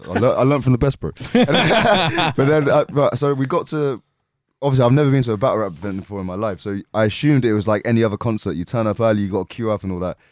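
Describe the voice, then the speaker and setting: A man's voice: mid-range voice, animated, fast, dry recording. A man rambling through anecdotes on a casual podcast. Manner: rambling anecdotes, laughs often. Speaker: podcast co-host. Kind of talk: casual chat.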